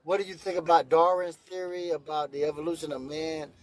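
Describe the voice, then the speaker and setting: A man's voice: a little high, steady tone, fairly quick. A man in his fifties calling into a live debate, friendly and stammering with repeated words. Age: 50s. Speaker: caller. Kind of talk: casual debate call.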